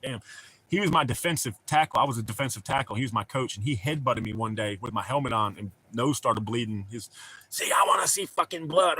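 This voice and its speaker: A man's voice: medium pitch, pushed and bright, slightly rough. A middle-aged man with a Southern American accent, chatting casually and telling rambling, profane stories on a stream. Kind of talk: casual chat.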